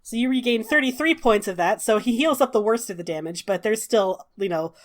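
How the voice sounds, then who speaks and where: A woman game master narrates a tabletop game with lively energy. She fills her pauses with casual fillers as she describes the action. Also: on the high side. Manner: animated narration with frequent fillers.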